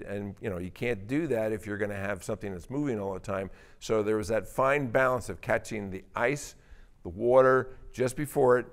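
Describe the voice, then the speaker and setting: A man giving a conversational presentation, explaining the stories and thinking behind his landscape photographs with casual fillers. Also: on the low side. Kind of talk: presentation talk.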